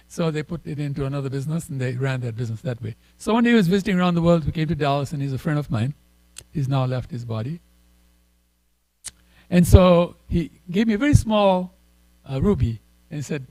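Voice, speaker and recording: Male temple speaker, sermon, fairly high voice, dry close sound, chatty and anecdotal. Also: expressive, fairly quick, creaky, mellow, dry recording, rough recording. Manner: storytelling with chuckles and asides; conversational, many fillers and "right?".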